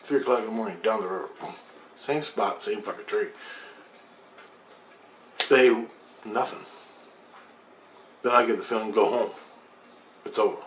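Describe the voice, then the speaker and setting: A man's voice: fairly low pitch, moderate pace, pauses often. A middle-aged man telling a long personal story in a rambling, profane, intense way. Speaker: vlogger telling his own experience. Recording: echoey room with faint background noise.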